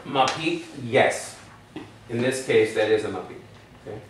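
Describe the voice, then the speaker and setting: A man's voice: medium pitch, expressive, a little slow. Male teacher, explaining step by step, quizzing students, far from the mic, very echoey room, faint noise. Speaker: Hebrew teacher. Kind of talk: classroom lesson. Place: class room.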